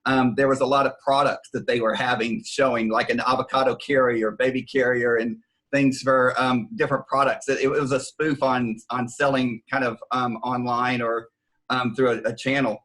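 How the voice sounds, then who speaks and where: A man on a discussion panel, speaking at a middling pitch. He is hesitant and often restarts his sentences while he gives his view. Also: flat delivery, normal speed, fairly bright tone, poor audio. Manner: hesitant, many fillers and restarts. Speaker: panel guest.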